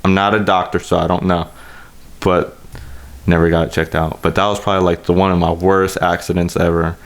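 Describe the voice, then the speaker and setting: Low-voiced man telling a rowdy story. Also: a little fast. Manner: animated, profanity-heavy, rambling storyteller. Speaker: podcast co-host. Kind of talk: casual storytelling chat.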